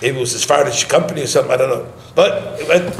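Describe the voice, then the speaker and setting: Animated middle-aged rabbi with a gravelly voice. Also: male voice, medium pitch, fast talker. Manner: animated, acts out the dialogue. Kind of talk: sermon storytelling. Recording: echoey room, faint background hum.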